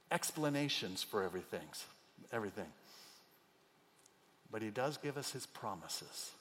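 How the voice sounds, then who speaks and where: A middle-aged man preaching in a church hall, his slightly raised voice trailing into a long reverb. He is openly emotional, dropping to near-whispers before building to loud, emphatic peaks. The delivery is that of a pastor pleading with his congregation. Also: a little high. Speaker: pastor and chaplain. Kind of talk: sermon.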